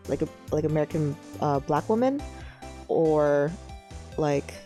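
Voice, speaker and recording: A woman's voice: on the low side, darkish tone. A young woman streamer giving casual, rambling commentary while playing a game. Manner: musing, rambling, many fillers. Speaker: let's play streamer.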